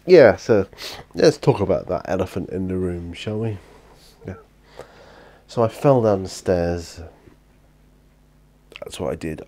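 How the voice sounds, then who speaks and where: A man's voice: low voice, mellow. A tired British man chatting casually and rambling in his hobby room at home, with lots of fillers and restarts. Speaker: hobby vlogger. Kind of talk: casual chat.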